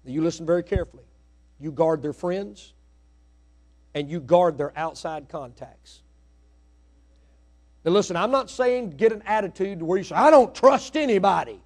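A middle-aged man preaching a sermon in church, swinging from hushed asides to loud, rising exhortation. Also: on the high side, normal speed, long pauses. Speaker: pastor. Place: church sanctuary.

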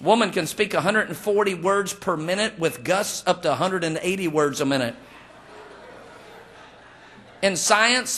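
A man's voice: on the high side, fairly bright tone. A man preaching a humorous sermon as a pastor, telling folksy stories and acting out the people he quotes. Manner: folksy storytelling with jokes; acts out quoted voices.

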